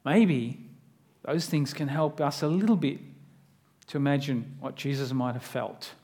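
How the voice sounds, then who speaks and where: A man's voice: medium pitch, unhurried, warm tone. A man preaching a sermon in an earnest, conversational way, often turning to the listener with direct questions.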